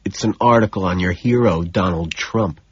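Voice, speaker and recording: Male reader as a petty, needling Wall Street colleague; husky and low, dull dry audiobook recording. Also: moderate pace, dry recording. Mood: smug. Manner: needling, smug, tense. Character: smug petty young male finance colleague. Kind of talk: audiobook character voice.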